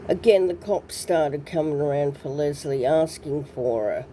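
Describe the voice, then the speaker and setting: A woman telling her own story in a hesitant way, full of ums and pauses. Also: low-pitched, mellow, a little hiss or hum. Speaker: interviewee recounting her past. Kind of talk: personal storytelling.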